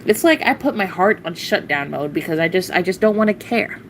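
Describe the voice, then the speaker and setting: A woman's voice: medium pitch, lively intonation, brisk, a little hiss or hum, poor audio. A woman venting on a casual livestream, blunt and profane, rambling with sighs and short laughs.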